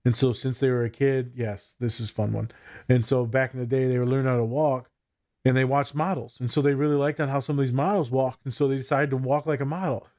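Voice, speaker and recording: A man hosting a casual podcast chat, laughing often and jumping into higher voices when he quotes people. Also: steady tone, brisk, darkish tone, dry recording. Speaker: podcast host.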